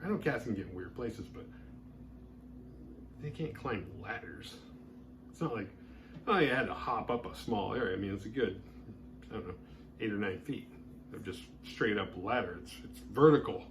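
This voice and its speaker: A man with a fairly low voice recaps a horror film as a show host. He rambles casually and leans on filler words. A faint room hum sits behind him. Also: expressive, normal speed, pauses often, a bit bright. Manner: rambling, heavy use of "like" fillers. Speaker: horror movie review host.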